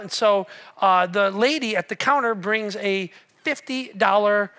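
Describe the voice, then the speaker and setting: A man delivers a Christmas-season sermon in a church auditorium, speaking into a stage microphone. His voice sits high and rings bright. He keeps it conversational, tossing jokes and questions to the congregation. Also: moderate pace. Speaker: pastor.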